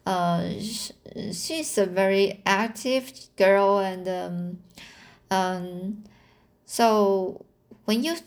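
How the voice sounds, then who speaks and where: A woman reads a classic novel aloud and pauses to comment on it, her voice at an ordinary middle pitch. She goes very slowly, stumbling over words and restarting phrases, with many filler sounds between them. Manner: slow, halting, frequent restarts and fillers. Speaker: reader.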